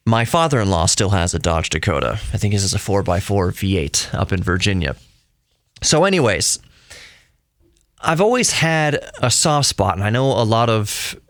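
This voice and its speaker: A man's voice: lowish voice, a bit bright, dry recording, clean studio sound. A man hosting a solo podcast, rambling conversationally and often correcting himself mid-sentence. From United States. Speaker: podcast host.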